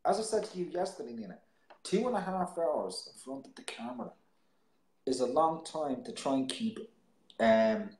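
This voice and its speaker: A man's voice: on the high side, very animated, moderate pace, darkish tone, a little hiss or hum. A man hosts a live poetry show, talking casually and at length. He rambles, stumbling over and repeating his words as he goes. The sound is roomy, with a noticeable echo. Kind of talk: casual live-stream chat.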